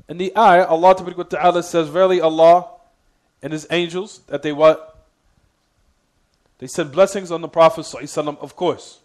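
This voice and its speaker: Brief: male teacher, rapid delivery, slightly high voice, prompts class and repeats himself. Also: fairly even intonation, darkish tone. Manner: reads Arabic quotations quickly. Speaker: Islamic teacher. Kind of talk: religious lesson.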